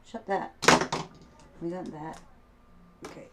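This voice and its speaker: A woman's voice: fairly low pitch, steady tone, takes it slowly, heavy background noise. A middle-aged woman talking casually about her quilting as she works, chatting and humming to herself. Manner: chatty, hums and sings to herself while working. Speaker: quilting vlogger. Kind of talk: casual crafting talk while sewing.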